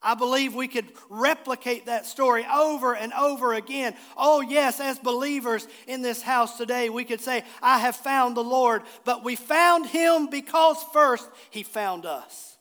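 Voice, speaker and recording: A male pastor with a very high voice preaches a sermon in a church sanctuary. He is earnest and repeats key phrases for emphasis. His voice rings with the long reverb of the church hall. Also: unhurried, few pauses, a bit bright.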